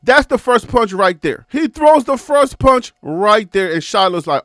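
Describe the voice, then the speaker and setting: A man hosting a sports commentary channel, breaking down game footage in an animated, casual way and asking viewers rhetorical questions. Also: high-pitched, measured pace, few pauses, no room sound, clean studio sound.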